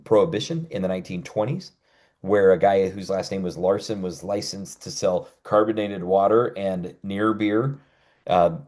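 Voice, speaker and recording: A man's voice: on the low side, darkish tone. A man hosting a history podcast, telling local history in a conversational way with frequent "uh" fillers.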